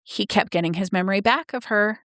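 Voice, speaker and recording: A woman's voice: medium pitch, fairly quick, fairly bright tone, no room sound, studio quality. A woman co-hosting a book podcast, steadily explaining a novel's backstory in casual chat.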